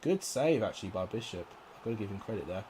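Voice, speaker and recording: A man's voice: lowish voice, expressive, quick pace, warm tone, slight background noise. A young man commentating live on his football game, frustrated and exclamatory, cursing at his players. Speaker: gaming YouTuber.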